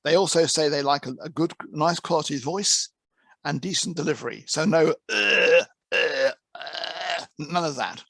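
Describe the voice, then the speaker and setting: A man who heads an interpreting course gives a discursive online presentation to a practice group, often restarting and repeating words. His voice is fairly high and creaky, recorded dry through a video call microphone.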